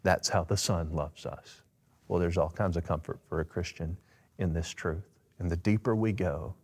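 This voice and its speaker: A man's voice: sits low, darkish tone. A man answering in a preaching style, emphatic and fervent, rising on key words. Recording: long echo.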